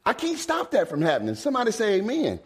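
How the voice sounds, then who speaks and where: A man, preaching a folksy sermon. He swings from low asides to high, emphatic exclamations. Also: wildly swooping pitch, quick pace, husky. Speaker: pastor.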